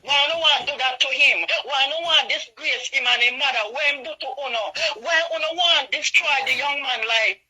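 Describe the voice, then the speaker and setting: A woman's voice: high voice, moderate pace, few pauses, sharp tone, poor audio. A woman with a Jamaican accent delivering an impassioned, repetitive rant in a video. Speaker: vlogger.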